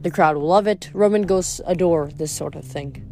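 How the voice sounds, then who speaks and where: A woman's voice: on the low side, moderate pace, mellow, soft background music, natural voice. A woman voicing a meek, reluctant male giant who mumbles and sighs, in an audiobook reading. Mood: glum. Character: meek, gloomy male giant twin, soft-hearted.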